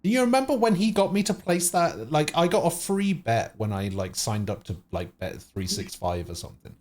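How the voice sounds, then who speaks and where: Animated man telling a story. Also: on the high side, moderate pace. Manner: animated storyteller, swears freely. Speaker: streamer host. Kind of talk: casual chat on a livestream.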